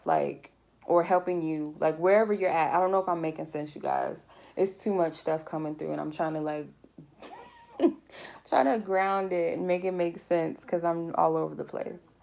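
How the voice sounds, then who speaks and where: A woman's voice: on the low side, vocal fry, a little mellow. A woman giving a collective tarot reading in a casual, rambling way, speaking candidly and swearing freely. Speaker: tarot reader.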